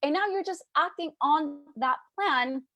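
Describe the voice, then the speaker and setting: Casting: woman business coach, high bright voice, energetic, playful, live group talk, dry close mic. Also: measured pace, no room sound.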